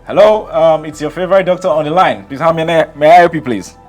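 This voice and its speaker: An actor playing a greedy hospital doctor with a Nigerian accent who talks smoothly. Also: medium pitch, quick pace, soft background music, natural voice. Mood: smug.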